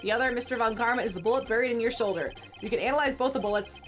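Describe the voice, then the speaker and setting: A woman reading lines as a determined young male defense attorney in a courtroom game, laying out evidence in a measured way. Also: fairly high pitch, faint music behind, close to an everyday voice. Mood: explaining. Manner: steady, measured, building to accusation.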